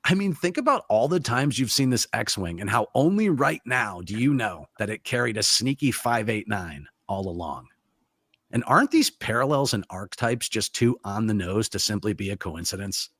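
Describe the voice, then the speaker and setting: A man's voice: fairly low pitch, expressive, moderate pace, fairly bright tone, slightly rough, no echo, studio quality. A man narrating a scripted theory segment in a dramatic, persuasive way. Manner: dramatic, building a conspiracy case.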